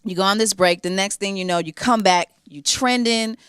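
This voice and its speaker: A woman hosting an interview in a relaxed, chatty way, asking questions and cheering her guest on. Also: medium pitch, normal speed, clean tone. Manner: supportive, chatty, lots of short agreements. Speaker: interview host. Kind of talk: casual interview chat.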